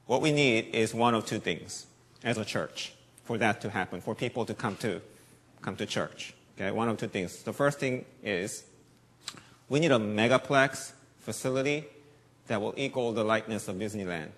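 Middle-aged male pastor with a slight Southern lilt, conversational sermon delivery, swings between soft earnest and loud lively. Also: fairly low pitch, moderate pace. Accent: slight Southern American accent. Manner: conversational preaching with wide swings in loudness, from hushed to animated.

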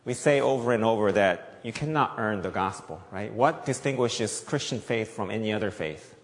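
A man's voice: lowish voice, lively intonation, normal speed, a little hiss or hum. Emphatic male preacher in a reverberant hall. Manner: emphatic, repeats key points, asks the audience questions. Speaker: pastor. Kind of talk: sermon. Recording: long echoey reverb.

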